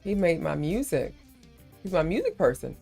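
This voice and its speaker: Animated grandmother hosting a live chat. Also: fairly low pitch, creaky, husky, soft background music. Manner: animated, emphatic, quick to heat up. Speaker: live stream host. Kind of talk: casual live stream chat.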